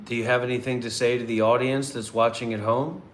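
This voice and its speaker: A man's voice: medium pitch, level tone, fairly quick. Male meditation vlogger, casual questioner, rambling and repetitive, faint room hiss. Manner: rambling, repetitive, restarts often. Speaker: meditation teacher, channel host.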